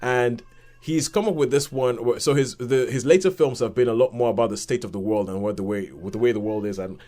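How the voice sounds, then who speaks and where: A man co-hosting a podcast, reviewing a film in casual chat and retelling scenes with lively quoted voices. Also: medium pitch, brisk. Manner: animated retelling with acted-out quotes and laughs.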